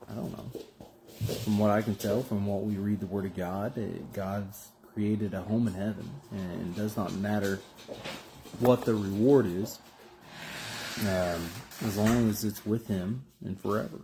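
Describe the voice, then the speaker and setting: Male preacher, lowish mellow voice, casual devotional delivery, slight noise floor. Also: steady tone, measured pace, gravelly. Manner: conversational, with fillers and restarts. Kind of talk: short devotional Bible reading and reflection.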